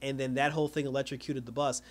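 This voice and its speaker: A man's voice: mid-range voice, level tone, fast talker. A young man recapping a TV episode casually, acting out the characters' lines and laughing often. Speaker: show reviewer.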